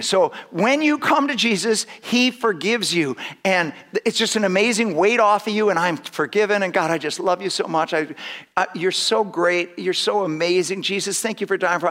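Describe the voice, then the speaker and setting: At a moderate pace, a male pastor preaches with a high, lively, swooping voice. Frequent laughter and acted-out little voices fill the sermon, and his sentences halt and restart as he works up to his point.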